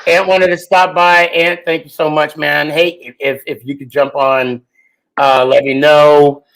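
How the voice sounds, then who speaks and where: A man with a fairly high voice hosts a podcast in a loose, chatty way. He jokes along and fills his pauses with "um" and "uh" as he talks to his guest. It sounds like casual talk from home. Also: flat delivery, fairly bright tone, rough recording. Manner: chatty and joking, lots of fillers. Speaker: podcast host.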